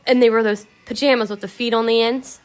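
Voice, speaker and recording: A woman's voice: fairly high pitch, fairly even intonation, brisk, faint music behind. Candid, swearing woman vlogger. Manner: candid, swears, laughs, rambling retelling. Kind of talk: casual emotional storytelling.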